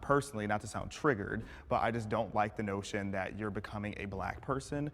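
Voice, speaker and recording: Fast-talking earnest man, low voice. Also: fairly bright tone, long reverb tail. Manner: earnest, fast, measured objections. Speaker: panelist. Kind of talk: casual discussion.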